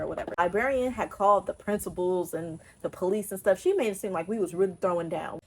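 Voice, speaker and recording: A young woman vlogger from Texas tells an animated, emphatic, profane storytime in casual talk. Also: medium pitch, fast talker, few pauses, slight background noise.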